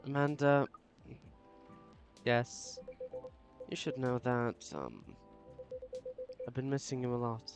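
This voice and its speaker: A man's voice: medium pitch, slow, pauses often, music in the background. Man voicing a shy, changing alien. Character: gentle alien becoming more human.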